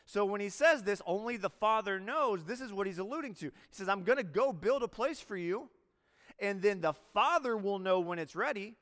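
A man's voice: high voice, lively intonation, moderate pace, fairly bright tone. Conversational male chaplain preaching in a hall. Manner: conversational preaching with quoted dialogue and restarts. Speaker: military chaplain. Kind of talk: sermon.

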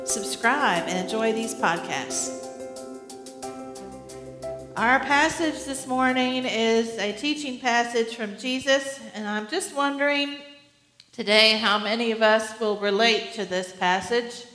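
A woman's voice: a little high, fairly even intonation, measured pace, faint music behind. Woman preaching in an echoey hall. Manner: earnest, with gentle humor. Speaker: pastor. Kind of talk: sermon.

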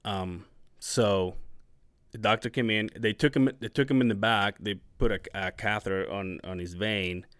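A man co-hosting a podcast, telling a story casually in halting bursts with restarts and swearing, emotional as he talks. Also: fairly low pitch, steady tone, fairly bright tone, smooth, dry recording, studio quality. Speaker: podcast co-host.

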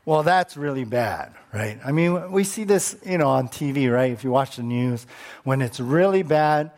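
A man's voice: mid-range voice, animated, moderate pace, darkish tone. A male pastor preaching a conversational sermon and often posing rhetorical questions to the congregation.

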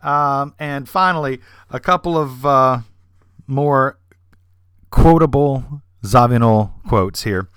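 A man hosting a podcast, telling an anecdote in an animated style with vivid character voices. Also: mid-range voice, slow pace, clean tone, no echo, clean studio sound. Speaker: podcast host. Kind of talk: anecdotal storytelling.

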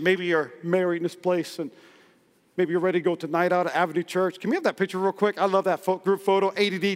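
High-voiced man preaching in an echoing church. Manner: energetic, humorous, acts out quoted voices. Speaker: pastor. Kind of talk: sermon. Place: church sanctuary. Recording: long hall reverb in a church.

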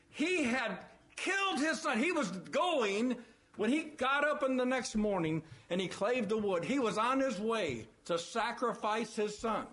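Man with a high voice preaching a sermon; emphatic delivery that repeats lines and asks rhetorical questions. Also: a bit bright.

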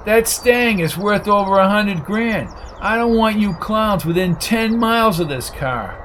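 A brassy, raised voice from a tough guy who barks insults and orders, pitched well above his usual range as a male narrator puts him on. Gritty audiobook storytelling with a faint hiss in the background. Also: animated, normal speed, close to an everyday voice. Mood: yelling. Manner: yelling, insulting. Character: brash loudmouthed tough-guy driver, adult man.

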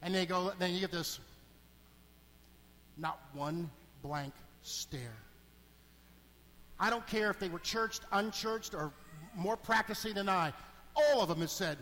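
A middle-aged man, a deacon, preaching a sermon in a church, animated and swinging between hushed asides and emphatic calls. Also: sits high, takes it slowly, pauses often. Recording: long hall reverb.

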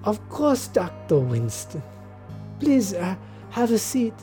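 A woman's voice: mid-range voice, big pitch swings, takes it slowly, mellow, faint music behind, voice pushed up. A woman voicing a frail, teasing elderly woman who puts on a German accent. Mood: coy, teasing. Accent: put-on German.

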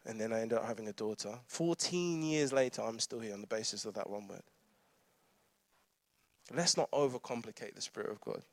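A man's voice: on the low side, a little fast, dry recording. A man, preaching a conversational sermon with humorous asides and frequent laughter. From London. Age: 30s.

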